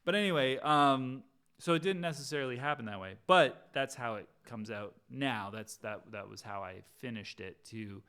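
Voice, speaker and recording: A man's voice: medium pitch, normal speed, pushed and bright, smooth. A man casually breaking down one of his songs, talking it through and singing lines on guitar. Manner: chatty, self-interrupting, breaks into singing lines. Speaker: songwriter teaching his own song.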